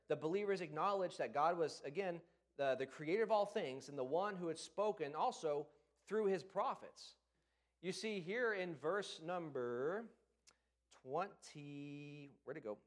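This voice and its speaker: A man preaching a sermon in a casual, conversational way, with playful acted-out asides. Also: sits high.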